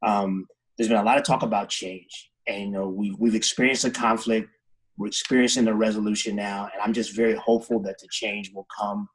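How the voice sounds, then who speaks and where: A man giving heartfelt, halting closing remarks on a video call, close to tears. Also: lowish voice, steady tone, slightly rough, low-quality recording. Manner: heartfelt, halting, faith-centered. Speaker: head coach.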